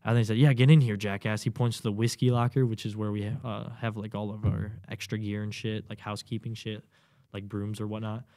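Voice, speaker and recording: A young man, a podcast guest and new Marine, telling a story in casual talk, swearing a lot and loudly acting out what people said. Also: on the low side, quick pace. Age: young adult. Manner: animated, swearing, acts out quotes loudly. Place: podcast studio.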